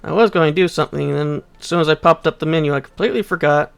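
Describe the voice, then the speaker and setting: Chatty young man with a gravelly voice. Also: fairly high pitch, very fast. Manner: chatty and self-deprecating, rambling asides. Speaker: let's play host. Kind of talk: casual gameplay commentary.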